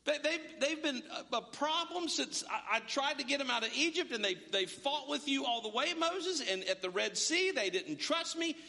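A man's voice: very high voice, animated, normal speed, few pauses, bright, forceful tone, voice pushed up, heavily acted. A man voicing God as an exasperated figure complaining about his people in a rambling, fed-up way. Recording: long echo of a large hall.

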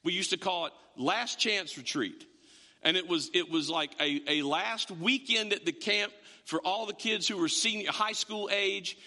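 A pastor preaches a sermon to his congregation in a high, bright, pushed voice, speaking unhurriedly. He tells stories using quoted voices and repeated words, and a long hall reverb surrounds the recording.

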